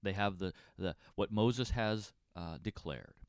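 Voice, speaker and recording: A man co-hosting a Bible study talk, explaining scripture with frequent restarts. His voice is very low. It is recorded dry and close to the mic. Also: measured pace, smooth, no room sound. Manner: explanatory, repeats words while thinking. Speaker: pastor co-host.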